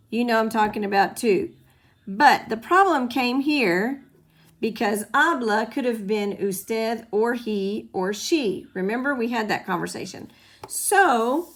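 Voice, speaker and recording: Guru perempuan yang sabar menjelaskan. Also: female voice, fairly high pitch. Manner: patient, repeats key points for emphasis. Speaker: Spanish teacher. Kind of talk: recorded classroom lesson.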